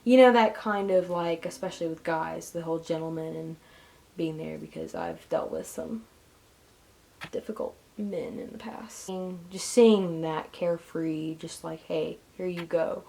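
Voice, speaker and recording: A young woman vlogging casually, rambling and self-deprecating, often jumping into a high squeaky voice for jokes. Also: expressive, a little slow, vocal fry, mellow. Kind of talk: casual vlog monologue.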